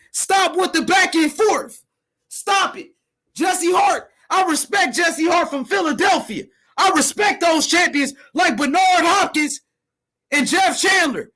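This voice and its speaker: A man from a boxer's camp loudly calling out an opponent in hyped, profane, repetitive trash talk. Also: very high voice. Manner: loud, repetitive, profane rallying.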